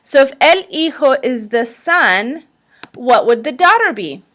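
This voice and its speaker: A language teacher with a fairly high, slightly bright voice teaches vocabulary in a recorded slideshow lesson, her pitch swinging widely. She talks slowly and carefully, pausing often so listeners can repeat after her.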